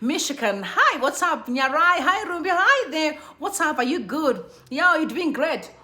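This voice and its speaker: A young woman from Zimbabwe hosts a live stream with a high, bright and crisp voice. She chats in a bubbly, animated way, greeting viewers one after another. Her tone is casual and friendly. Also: normal speed. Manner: bubbly, chatty, shouts out viewers by name. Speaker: livestream host. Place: Johannesburg.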